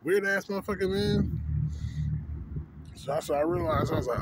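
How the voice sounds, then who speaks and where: A man's voice: on the high side, animated, normal speed, long pauses. A man vlogging into a phone, telling street stories in a profane, rambling way full of filler words. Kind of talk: casual rant to camera. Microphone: phone camera. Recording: loud vehicle noise behind.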